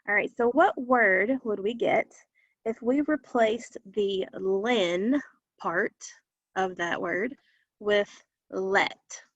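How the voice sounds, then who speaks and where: A woman's voice: fairly high pitch, fairly bright tone, dry recording. A woman teacher giving an online phonics lesson, patient and stretching out words for young learners. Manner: slow, patient, drawn-out words. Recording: dull, lo-fi and dry.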